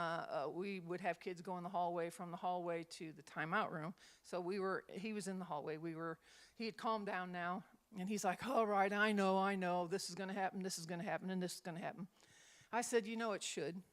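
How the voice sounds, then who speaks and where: A woman's voice: lowish voice, brisk. A middle-aged woman minister leading a Bible study, telling stories and acting out the voices in them. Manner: animated storyteller, acts out quotes.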